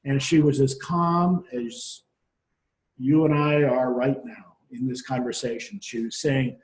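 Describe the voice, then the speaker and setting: A man's voice: medium pitch, fairly even intonation, unhurried, darkish tone. A man presenting a case study at a professional workshop, talking conversationally with frequent restarts. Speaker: marine surveyor speaking at a workshop. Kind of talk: conference presentation. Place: conference room. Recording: echoey room.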